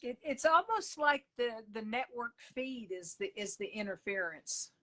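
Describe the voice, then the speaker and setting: A woman recounts stories in a loose, rambling way, full of fillers and restarts. Her voice sits a touch high and rings bright. She is on a phone video call from home. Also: lively intonation, unhurried. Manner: rambling storyteller with many fillers. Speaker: guest, coloring book author. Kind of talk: casual chat over video call.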